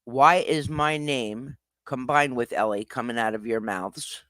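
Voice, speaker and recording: A man's voice: mid-range voice, measured pace, a bit bright, dry recording, clean studio sound. A man hosting a livestream, confronting people in a heated, profane rant. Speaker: livestream host.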